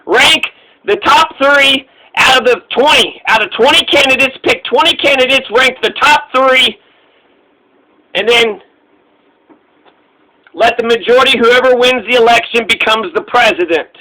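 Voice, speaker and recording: A man's voice: very high voice, measured pace, long pauses, bright, forceful tone, low-quality recording. An American man delivering an angry, profane political rant full of sarcasm. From United States. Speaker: political commentator. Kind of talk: profane ranting monologue.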